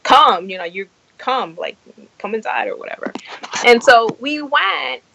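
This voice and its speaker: A middle-aged woman hosting a casual podcast chat, telling stories with lively acted-out quotes. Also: fairly high pitch, a little slow, vocal fry, dry recording, low-quality recording. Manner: animated storyteller, acts out quotes. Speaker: podcast host.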